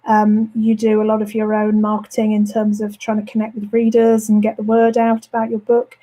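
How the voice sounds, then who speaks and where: A woman author with a mild Birmingham accent and flat vowels, going a bit hoarse, chatting in an interview with lots of ums and self-corrections. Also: medium pitch, brisk, poor audio. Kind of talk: casual interview chat. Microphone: home studio setup.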